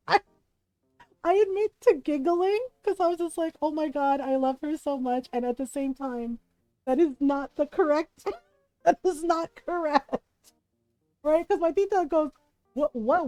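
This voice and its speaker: A woman streamer chatting casually, telling a family story in an animated way and giggling often. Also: high voice, unhurried, dry recording, faint music behind, low-quality recording. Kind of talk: casual chat while gaming.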